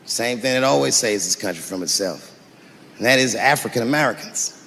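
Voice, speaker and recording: A man doing stand-up comedy before a live audience, deadpan and profane, with drawn-out punchlines. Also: mid-range voice, vocal fry. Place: stage in a large hall before a live audience. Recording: echoey hall, crowd noise. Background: audience laughter and murmur.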